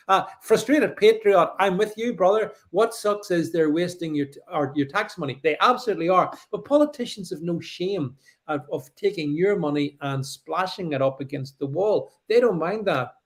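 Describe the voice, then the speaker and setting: A middle-aged British man hosts a live stream, reading comments from viewers and responding with sarcastic, animated commentary full of restarts. His voice is a little high and his pace moderate.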